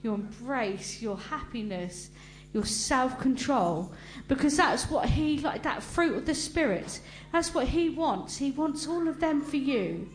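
Woman, personal testimony, slow and halting, roomy echo. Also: high voice, expressive. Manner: earnest, halting, with repeated restarts. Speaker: speaker giving a testimony. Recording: roomy echo with faint hum.

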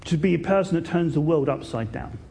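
Male preacher, storytelling sermon, fairly high-pitched voice, animated delivery. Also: a little fast, vocal fry, slight background noise. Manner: animated, swings from loud to hushed.

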